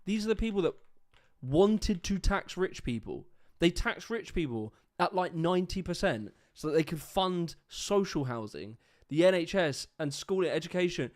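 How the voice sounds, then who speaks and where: A man's voice: high-pitched, lively intonation, moderate pace, a little mellow. A young man hosting a livestream, ranting casually and sarcastically about clips, swearing freely. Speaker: livestream host reacting to clips.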